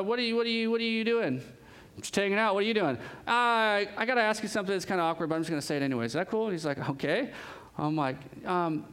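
A man with a high, bright voice preaches a sermon. He tells his stories in an animated way, laughs often, and breaks off into quick asides. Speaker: pastor.

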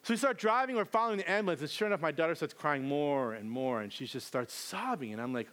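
A man's voice: on the high side, sing-song, fast, few pauses, a bit bright. A man in his thirties preaching a sermon as pastor, telling humorous family stories with acted-out quotes.

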